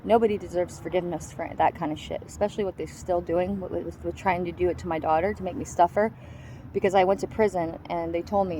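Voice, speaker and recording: A woman's voice: on the low side, fairly even intonation, fast, dark tone, slight background noise, low-quality recording. A woman giving a raw, personal account of surviving an attack, in a blunt and heavily profane way. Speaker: survivor telling her story.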